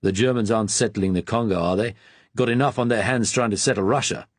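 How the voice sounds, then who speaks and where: A man's voice: lowish voice, quick pace, dry recording, natural voice. A man voicing an eager young Afrikaner official, hearty and chuckling. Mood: joking.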